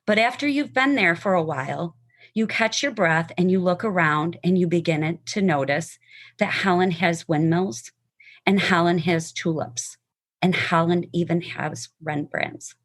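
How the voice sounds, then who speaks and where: A woman's voice: lowish voice, measured pace. A woman sharing her personal testimony and reading a poem aloud, heartfelt and emotional, sometimes stumbling over words.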